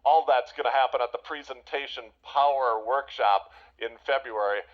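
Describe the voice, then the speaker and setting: A male presentation coach teaching a session, energetic, firing rhetorical questions and swinging his voice high and low to demonstrate. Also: normal speed, dull audio.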